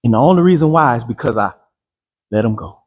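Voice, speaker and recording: A man's voice: medium pitch, animated, quick pace, big-room sound. A man giving a motivational talk to a live group with call-and-response. He speaks emphatically in casual slang and repeats his phrases. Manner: slang-heavy casual speech.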